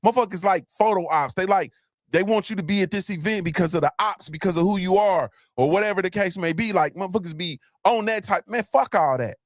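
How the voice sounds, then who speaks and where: Emphatic high-voiced male host. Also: brisk, no room sound, studio quality. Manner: emphatic, repetitive, blunt and profane. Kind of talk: motivational live-stream talk.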